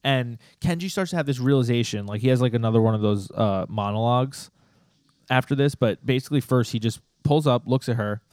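A man co-hosting a podcast in casual chat, retelling a story in an animated way with lots of "like". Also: medium pitch, brisk, no echo, clean studio sound. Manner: animated plot retelling, frequent "like" and laughter. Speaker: podcast co-host.

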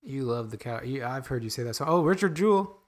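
A man's voice: medium pitch, lively intonation, fast. A young man co-hosting a podcast, talking in a rambling, self-deprecating way with frequent restarts. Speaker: podcast co-host. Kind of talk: casual podcast chat.

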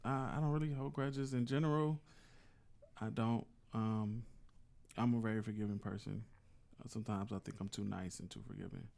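A man, a podcast guest, chatting in an easygoing, halting way. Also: on the low side, fairly even intonation, gravelly. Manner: easygoing, soft-spoken, halting. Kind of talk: casual chat.

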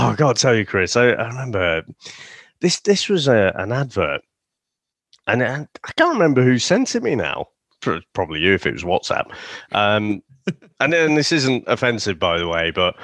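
A man's voice: lowish voice, a bit bright, no echo, studio quality. A man co-hosting a casual film review chat, rambling through the plot and laughing often. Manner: rambling, laughs often, drops into silly voices. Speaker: podcast co-host.

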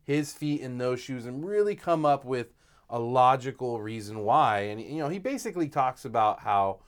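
A man co-hosting a casual chat, rambling with many fillers as he retells what someone else said. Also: medium pitch. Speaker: podcast co-host.

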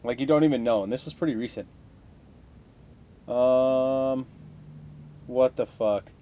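A man's voice: medium pitch, measured pace, dark tone. Profane ranting young man podcaster. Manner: profane, heated ranting with frequent swearing. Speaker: podcast host. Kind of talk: casual solo podcast rant.

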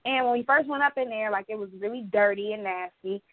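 A young woman co-hosting a podcast, telling stories in a casual, animated way with plenty of swearing and acted-out quotes. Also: medium pitch, fast talker, dry recording. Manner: animated storytelling, swears freely, acts out quotes. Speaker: podcast co-host. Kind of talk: casual chat. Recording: dry, phone-like sound.

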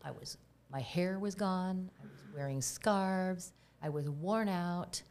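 A woman's voice: fairly low pitch, takes it slowly, a little mellow. A middle-aged woman, a guest on a talk show, telling personal stories in a candid, reflective way that sometimes sinks to a near-whisper. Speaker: guest, herbalist.

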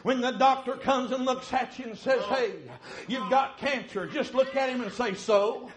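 High-voiced shouting preacher in an echoey church. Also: male voice. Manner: chanted, drawn-out preaching with cries of "woo" and "hallelujah". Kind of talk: shouting revival sermon. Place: church sanctuary. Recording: echoey church with loud congregation. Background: congregation responding.

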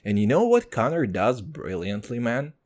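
A man from Kazakhstan hosting his own podcast, ranting casually with lots of swearing and excitement. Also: medium pitch, moderate pace. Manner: profane, rambling, excitable. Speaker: podcast host. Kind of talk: casual solo podcast rant.

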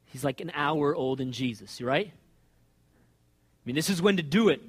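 A male pastor preaching in an animated, conversational way, often checking in with "right?" and acting out conversations. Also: on the high side, a little slow, long pauses, slightly rough. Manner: acts out dialogues with listeners. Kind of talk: sermon.

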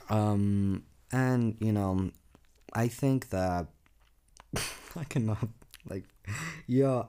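A man's voice: lowish voice, darkish tone. An eighteen-year-old man from South Africa hosting a casual solo podcast, rambling with lots of "like" fillers and casual swearing. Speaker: podcast host.

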